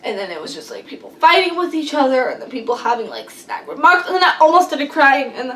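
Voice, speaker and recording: A young woman vlogger telling a long story in casual chat, rambling and excitable with lots of fillers. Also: sits high, fast. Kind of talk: casual storytelling while eating. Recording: echoey room, mic at a distance.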